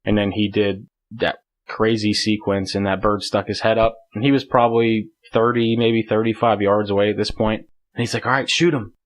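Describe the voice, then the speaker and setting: A man's voice: fairly low pitch, level tone, moderate pace. A man as a podcast guest, telling a hunting story in casual conversation, laughing often and rambling with lots of filler words.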